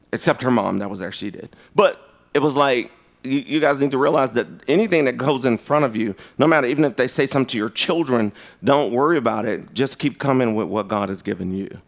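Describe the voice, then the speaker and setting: Animated in his storytelling, a man delivers a conversational sermon with sharp pitch jumps and noticeable vocal fry.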